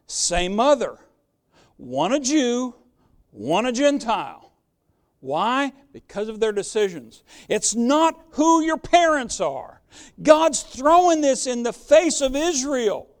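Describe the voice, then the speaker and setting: A man preaching a sermon as pastor, emphatic and fond of rhetorical questions. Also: very high-pitched.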